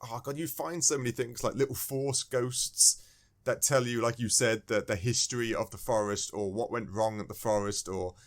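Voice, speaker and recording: A man co-hosting a podcast, talking about a game in a rambling, animated way, searching for words and chuckling often. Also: medium pitch, moderate pace. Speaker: podcast co-host. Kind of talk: casual game discussion.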